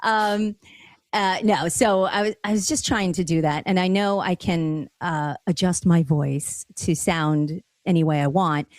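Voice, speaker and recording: Chatty New Jersey woman, low voice. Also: steady tone, a little slow, no room sound. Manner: chatty, laughing storyteller. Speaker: podcast guest. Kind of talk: casual chat.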